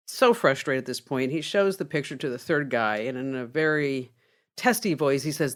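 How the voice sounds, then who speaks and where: A woman's voice: a bass voice, brisk. A woman hosting a casual tech podcast, laughing easily and telling a long joke. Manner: animated, laughs easily, tells jokes. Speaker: podcast host.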